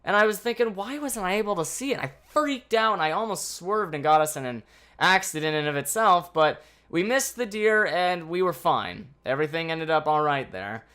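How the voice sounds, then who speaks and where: A man telling a casual storytime vlog in an animated, anxious way, swearing freely. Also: a little high, moderate pace, smooth. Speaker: vlogger.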